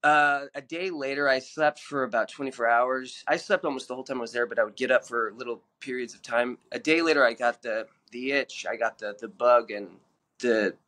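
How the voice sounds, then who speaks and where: A man guest telling his own story in an earnest, halting way, with many fillers and restarts. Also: mid-range voice, sharp tone. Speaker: podcast guest.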